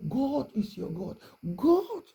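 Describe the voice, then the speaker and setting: Gravelly, hushed preacher. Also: medium pitch, lively intonation, normal speed, poor audio. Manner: hushed, repetitive, prayerful. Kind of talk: prayerful exhortation sermon.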